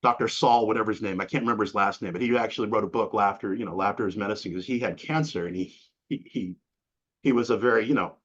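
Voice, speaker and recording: Speaking fast at a fairly low pitch, a middle-aged man from New England guests on a casual interview, his voice husky and a little breathy. He tells animated stories with slang and acts out quotes; the sound is dull and lo-fi.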